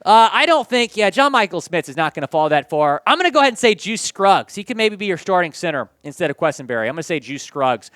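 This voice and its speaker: A man with a high, smooth, resonant voice hosts a sports news show, gushing with excitement. He is from Houston and his delivery swings between quick bursts and drawn-out stretches. The sound is close and dry. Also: dry recording. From Houston, Texas.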